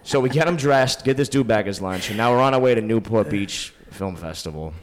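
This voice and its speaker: Fast-talking, swearing male storyteller. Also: on the low side. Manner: fast, profane, animated, acts out quotes. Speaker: podcast guest, filmmaker. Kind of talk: anecdotal storytelling in casual conversation.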